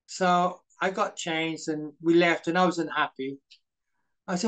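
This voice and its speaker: A man's voice: sits high, normal speed, a bit bright, poor audio. A middle-aged man, a guest in a casual interview, telling anecdotes full of quoted dialogue and fillers. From Britain. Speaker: guest, former stuntman.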